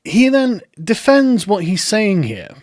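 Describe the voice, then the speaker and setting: A man's voice: high voice, wildly swooping pitch, takes it slowly, a little mellow, dry recording. A man giving sarcastic commentary in a mocking, incredulous way, close to the mic. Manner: mocking, incredulous, breaks into laughter. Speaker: online commentator.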